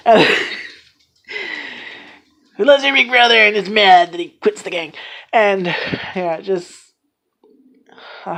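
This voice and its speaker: A woman giving a casual, rambling anime review, excitedly retelling scenes and swearing freely. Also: on the low side.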